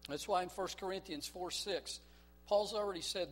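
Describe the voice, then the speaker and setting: A man's voice: sits high, moderate pace. A man preaching a sermon in church, emphatic and storytelling, drawing the congregation into call-and-response. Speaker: pastor.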